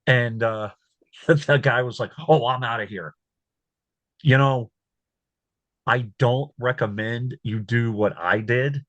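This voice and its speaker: A man hosting his own show, talking casually, repeating words and growing animated when he tells what he said. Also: medium pitch, slow, no room sound. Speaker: host. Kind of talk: casual commentary.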